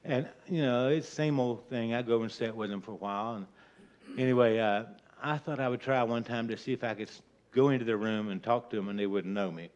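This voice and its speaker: A man's voice: mid-range voice, a little fast, darkish tone. Older man rambling through a folksy tale. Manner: folksy, rambling, chuckling as he tells it. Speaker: storyteller. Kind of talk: casual spoken anecdote. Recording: dull lo-fi recording.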